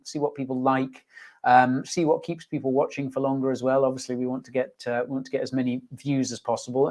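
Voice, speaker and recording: A man's voice: mid-range voice, darkish tone. A man hosting a casual livestream, chatty and jokey, rambling with lots of fillers and restarts. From United Kingdom. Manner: jokey, self-mocking, reading viewer comments aloud. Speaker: host.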